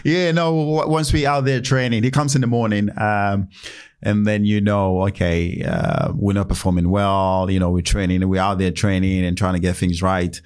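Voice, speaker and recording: A man's voice: on the low side, moderate pace, smooth. A man in his thirties, a former footballer, telling stories in a casual interview and acting out quotes in a raised voice. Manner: animated, acts out quotes in raised voice.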